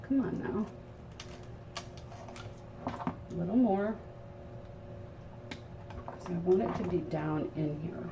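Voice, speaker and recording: During a live crafting tutorial, a host talks to her viewers while working at her craft table, chatty and instructive. Her lowish voice is unhurried with long pauses, and being far from the mic, it comes through dull with faint noise.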